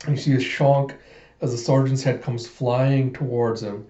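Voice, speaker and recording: A man enthusiastically retelling a comic, rambling along in a casual way. His voice is mellow and dark. The recording sounds roomy and a bit muffled. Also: medium pitch, steady tone, normal speed. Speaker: comic readthrough host. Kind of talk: casual story recap.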